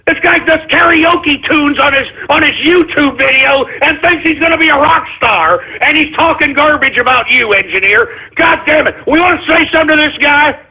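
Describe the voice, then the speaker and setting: A man's voice: very high voice, normal speed, few pauses. A man hosting a call-in radio show, grumbling and cursing in exasperation. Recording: tinny phone-like line.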